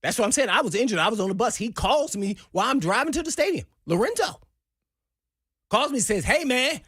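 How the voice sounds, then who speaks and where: Animated storytelling man on sports radio. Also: sits high, brisk, slightly rough, no echo, studio quality. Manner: animated storyteller who acts out quotes. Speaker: sports radio co-host, former player.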